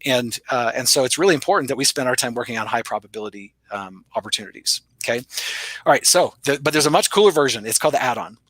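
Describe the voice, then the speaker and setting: Fast, bright-voiced man telling a sales story. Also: no echo. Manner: energetic, acts out dialogue with big pitch jumps. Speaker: sales author, guest. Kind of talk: storytelling interview talk.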